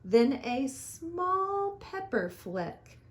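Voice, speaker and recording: A woman teacher with a high-sitting voice reads a children's picture book aloud in slow, expressive, sing-song storytelling.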